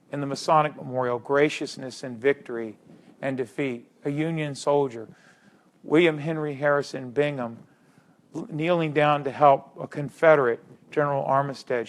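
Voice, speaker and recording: A middle-aged man giving a public history lecture, stressing key words by repeating them and putting questions to his audience. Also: mid-range voice.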